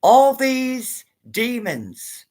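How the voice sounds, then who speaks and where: A woman's voice: fairly high pitch, very animated, drawn-out words, darkish tone. A woman hosting a casual livestream, chatting to her viewers in a rambling way and reading their comments aloud. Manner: chatty, rambling, addresses viewers as guys and love.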